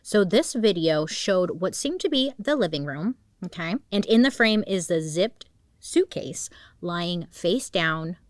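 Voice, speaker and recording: A woman's voice: on the low side, expressive, measured pace, no room sound. A woman telling a true crime story in a casual, slangy way, often dropping into dramatic whispers.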